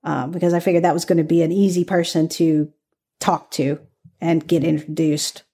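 A woman's voice: low voice, level tone, normal speed, warm tone, slightly rough. A woman from the American South, a former undercover agent, recounting her work in a candid, chatty interview. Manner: candid, chatty, laughs easily. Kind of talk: conversational interview storytelling.

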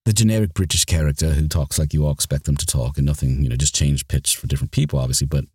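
A man's voice: extremely low pitch, steady tone, quick pace, dark tone, slightly rough, no room sound, clean studio sound. A man who narrates audiobooks, talking casually in an interview, rambling and restarting his sentences often. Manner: rambling, with many restarts and repeated words.

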